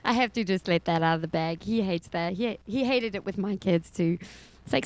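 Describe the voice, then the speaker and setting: A woman's voice: medium pitch, moderate pace, rough recording. A middle-aged woman giving a personal faith testimony as a foster mother, telling her story expressively and laughing often.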